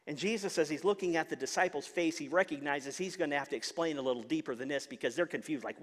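A man's voice: fairly high pitch, fast, few pauses, long reverb tail. A man preaching a sermon as pastor, earnest, often repeating words as he searches for them.

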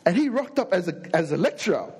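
A young adult man with an Australian accent preaching a sermon, an animated, jokey storyteller who acts out the people in his stories. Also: sits high, fast talker, husky.

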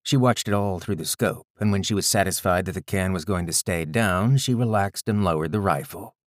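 A man reading a first-person story aloud in a measured, gritty storytelling manner. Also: sits low, no room sound, studio quality. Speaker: audiobook narrator. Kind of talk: scripted first-person narration.

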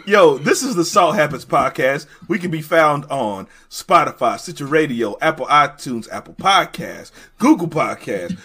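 A man hosting a podcast, bantering loudly with profane jokes. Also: a little high, animated, moderate pace, few pauses, slightly rough. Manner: loud, joking, profane banter. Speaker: podcast host. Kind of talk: casual chat.

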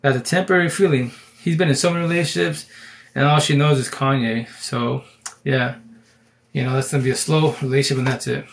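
A man's voice: mid-range voice, steady tone, brisk, creaky, a little hiss or hum. A man hosting a live stream, giving rambling, slang-heavy advice in casual chat.

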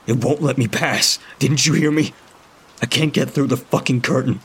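A man's voice: lowish voice, normal speed, breathy edge, voice pushed up. A man doing a furious chained prisoner. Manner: shouting, furious. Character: angry desperate male prisoner chained to a comrade.

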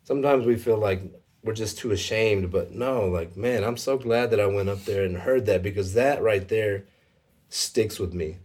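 Husky, halting Christian man. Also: fairly low pitch, a little mellow. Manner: emotional, halting, full of fillers. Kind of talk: casual faith conversation.

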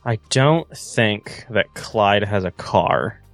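A man's voice: fairly low pitch, lively intonation, slow pace, gravelly, faint music behind. Hesitant male tabletop player. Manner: hesitant, thinking aloud. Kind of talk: casual tabletop play.

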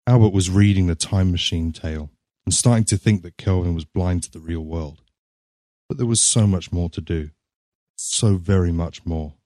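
Low-voiced guy reading a short story, steady and serious, dry close mic. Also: dry recording. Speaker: narrator. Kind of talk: scripted story narration.

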